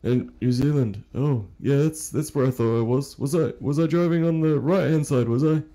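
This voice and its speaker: A man with a warm, natural, mid-range voice speaks at a moderate pace, role-playing a confused, forgetful old man at a traffic stop. He sounds muddled, hesitating, stammering and repeating himself.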